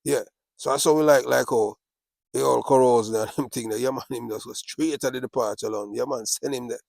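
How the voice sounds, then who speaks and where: A man's voice: mid-range voice, fairly even intonation, fairly quick, vocal fry, a little mellow, no echo, clean studio sound. A man with a Jamaican accent, talking in a casual monologue with repetitive, boastful, patois-laced street talk.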